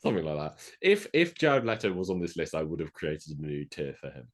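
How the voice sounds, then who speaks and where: A man's voice: deep voice, sing-song, fairly quick. A man co-hosting a casual podcast, dryly reading out and ranking lists of actors. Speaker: podcast co-host. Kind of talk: casual chat.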